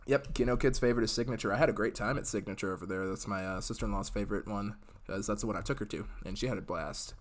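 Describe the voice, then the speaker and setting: A young man hosts a live podcast in a lowish voice, speaking fast. He reads the live chat and rambles casually, using lots of fillers.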